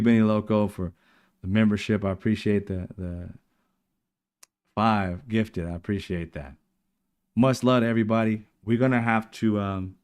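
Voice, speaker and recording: A man hosting a casual political livestream, talking emphatically and mocking his opponents in put-on quotes. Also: on the low side. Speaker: political commentary show host.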